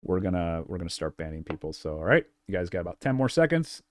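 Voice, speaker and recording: A man with a fairly low voice gives live-stream coaching on gameplay. He is blunt and direct, repeats his points and fills the gaps with filler words. The sound is dry and close, with no room echo. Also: very animated, fast. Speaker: game coach.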